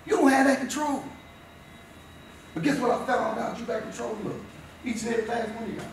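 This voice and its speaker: A man, a former player, giving a passionate and repetitive motivational speech straight to a high school football team. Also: fairly quick, a little hiss or hum. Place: school locker room. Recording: echoey room, picked up from a distance.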